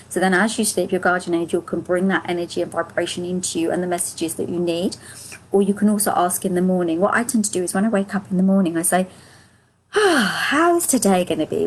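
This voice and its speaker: A woman leading a live angel card reading, speaking in a gentle, affirming, soothing way. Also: fairly low pitch, a little hiss or hum, low-quality recording. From United Kingdom. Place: home, live stream.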